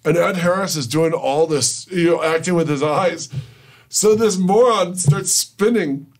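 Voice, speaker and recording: On a casual radio talk show, a male co-host with a slightly high voice speaks at a measured pace. He teases his co-host and tells set stories in a storytelling manner.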